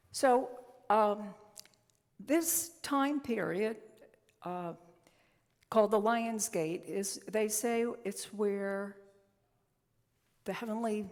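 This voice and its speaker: A woman's voice: mid-range voice, a little mellow. A woman minister giving a conversational, story-telling sermon in a church sanctuary. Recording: long reverb in a church hall.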